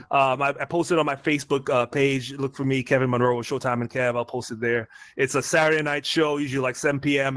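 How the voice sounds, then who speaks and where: A man co-hosting a casual comedy podcast from a virtual reality space, laid-back and laughing often, trailing off softly. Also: mid-range voice, dry recording. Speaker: podcast co-host. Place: virtual reality meetup, recorded remotely.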